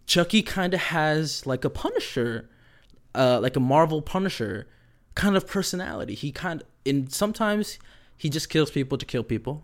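A man recapping a horror series in a casual, profane chat, with lots of fillers and acted-out quotes. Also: medium pitch. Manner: loose and profane, lots of "like" and "you know"; acts out quoted characters while retelling. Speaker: pop culture commentator.

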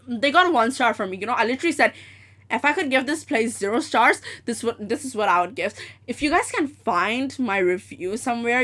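A young woman rants straight to camera about a bad customer experience, swearing often and acting out the other side of the conversation. Her voice sits a little high and sounds bright and forward. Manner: animated, swears freely, mimics others; switches to Cantonese when quoting. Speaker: vlogger. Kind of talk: casual ranting vlog.

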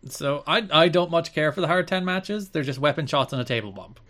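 A man co-hosting a podcast, recapping events in brisk casual chat and often repeating phrases. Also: fairly high pitch, expressive, a bit bright. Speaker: podcast co-host.

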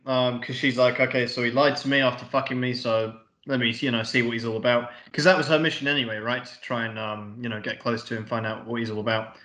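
A man co-hosting a film review podcast, talking casually and excitedly, swearing and acting out scenes. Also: mid-range voice, roomy sound. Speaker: podcast co-host.

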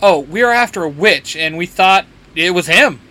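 Brash, snappy young hunter guy, voiced by a man reading a story, bright and forceful. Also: sits high, expressive, normal speed, pitched above the performer's own voice. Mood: gruff. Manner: loud, exasperated, snappy.

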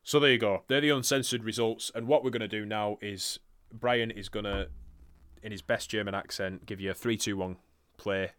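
A man with a low but bright, forceful voice hosts a casual podcast chat. He swears freely and laughs often, and his smooth, clean tone sits in a dry, close recording. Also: fairly even intonation, moderate pace, dry recording. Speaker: podcast host. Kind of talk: casual chat, reviewing wrestling results.

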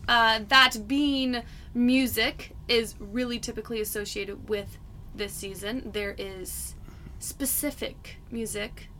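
Woman co-host, casual and jokey, bright tone, a touch high. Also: steady tone, slow, a little hiss or hum. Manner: playful and joking. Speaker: podcast co-host. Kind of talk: casual chat.

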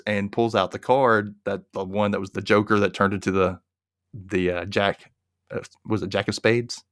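A man with a lowish voice retells a film's story in a loose, chatty way. He slips into quick character voices as he goes. The sound is close and dry. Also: steady tone, a bit bright, no room sound. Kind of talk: casual movie recap.

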